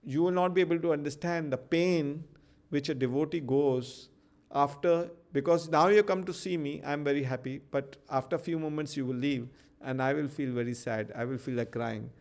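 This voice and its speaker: A man's voice: fairly high pitch, moderate pace, darkish tone, natural voice. A man voicing a grieving devoted queen in a devotional story, pleading earnestly. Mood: sorrowful.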